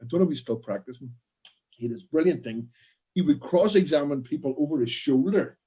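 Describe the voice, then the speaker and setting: A man's voice: a little high, fairly quick, slightly rough. A man chatting on a panel over a video call, acting out the people he describes. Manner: expressive, acts out people he describes. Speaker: crime writer and former lawyer on a panel. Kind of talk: casual panel chat.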